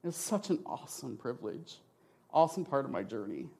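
Middle-aged man, church testimony speaker, passionate, expressive, emotional. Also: mid-range voice, a little fast, vocal fry, slightly rough. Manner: passionate and expressive, often asks "right?". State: tearful at times. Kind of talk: emotional testimony talk with slides.

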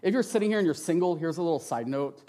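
A middle-aged man, passionate and expressive, giving an emotional church testimony with slides and often checking in with "right?". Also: on the high side, fast. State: tearful at times.

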